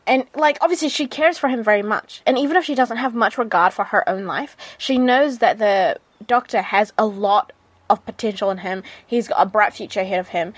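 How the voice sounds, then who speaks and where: A woman's voice: medium pitch, fairly quick, dry recording. A woman with a New Zealand accent hosting a radio show, reviewing a drama in a chatty, gushing way with many fillers and restarts. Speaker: radio host. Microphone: studio mic.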